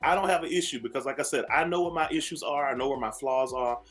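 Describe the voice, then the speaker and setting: A man's voice: medium pitch, fast, a bit bright, soft background music. A man hosting a morning radio show, ranting sassily at listeners and repeating phrases for emphasis. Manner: sassy, preachy, calls listeners "baby". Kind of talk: talk radio rant.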